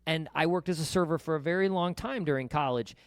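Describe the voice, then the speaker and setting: A man's voice: on the high side, quick pace, no echo, studio quality. A middle-aged man hosting a financial podcast, talking casually and summarizing points with personal stories. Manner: conversational, anecdotal, interjecting to summarize. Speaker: podcast host. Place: podcast studio.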